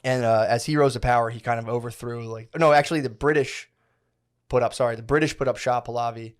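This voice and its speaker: A man's voice: mid-range voice, fairly even intonation, quick pace. A man on a podcast telling a long story in casual chat, rambling and slangy, with many restarts. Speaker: podcast co-host.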